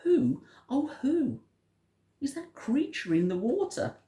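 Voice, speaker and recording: A storyteller voicing a gentle young Tyrannosaurus who hates fighting, with high, plaintive hooting. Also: sing-song, slow pace, full character voice. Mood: wondering. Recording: roomy echo.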